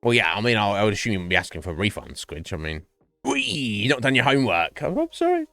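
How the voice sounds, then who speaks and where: A man's voice: on the low side, lively intonation, fast talker, bright, forceful tone, no echo, soft background music. Laughing man chatting on stream. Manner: rambling, laughs often, swears. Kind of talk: casual chat with viewers.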